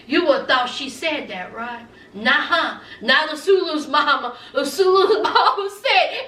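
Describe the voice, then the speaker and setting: This recap vlogger gives casual, sassy commentary on a TV show, laughing and addressing viewers as "honey." She speaks a little slowly with few pauses, her high voice animated and sharp, while the echoey room and distant mic leave her sounding far off.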